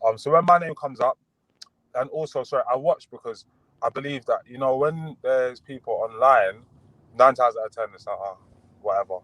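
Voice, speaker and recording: A young man talks over a video call, relaxed and rambling, full of fillers and false starts. His voice sits at a middling pitch in a dry, close recording. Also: moderate pace, no room sound, rough recording. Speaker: guest boxer.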